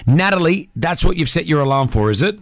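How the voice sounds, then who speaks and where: A bouncy, joking male radio host on air in a studio. His voice sits a touch high and sounds dry and close to the mic, and he keeps the energy up while talking with callers. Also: a little fast, no echo. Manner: excitable, joking. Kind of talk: morning radio chat.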